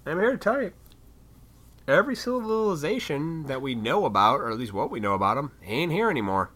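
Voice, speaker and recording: A man's voice: fairly high pitch, big pitch swings, a little fast, a bit bright. A man delivering a blunt, profane, preachy monologue straight into a microphone as a solo podcast host. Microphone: studio microphone.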